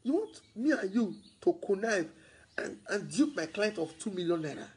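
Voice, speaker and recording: Over a low-quality recording, a man's high-pitched, slightly rough voice moves at a normal pace as he sells real estate to viewers. He has a Nigerian accent, mixes Pidgin into his English, and gets loud and excited, repeating himself in this broadcast monologue.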